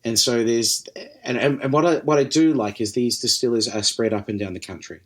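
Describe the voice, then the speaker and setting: A man's voice: mid-range voice, fairly quick. A man with a New Zealand accent, a podcast guest telling stories in a casual chat, swearing freely and laughing often. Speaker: podcast guest, distillery managing director. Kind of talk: casual conversational storytelling.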